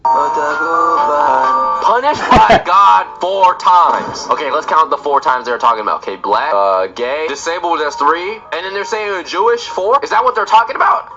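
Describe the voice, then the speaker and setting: Sarcastic, lively man podcaster. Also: on the high side, a little fast, hardly any pauses, highs cut off, faint music behind. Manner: sarcastic, incredulous, slangy. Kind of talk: mocking podcast commentary.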